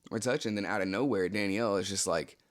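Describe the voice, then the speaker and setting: Laid-back young man with a low voice. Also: quick pace. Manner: laid-back, slangy, full of "like, you know" fillers. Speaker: channel host telling a story. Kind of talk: casual storytime narration.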